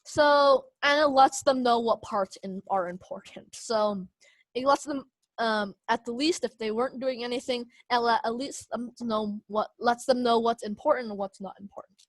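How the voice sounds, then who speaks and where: A woman's voice: fairly high pitch, normal speed, no room sound. Young woman teaching an online speech class. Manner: hesitant, many ums and kind-ofs, laughs often. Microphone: video call.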